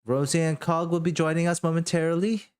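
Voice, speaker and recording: A man's voice: on the high side, fairly even intonation, fairly quick, a little mellow, clear, resonant tone, voice pushed up, close to an everyday voice. A man voicing an impatient woman crew leader who gives curt, dismissive orders. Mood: weary.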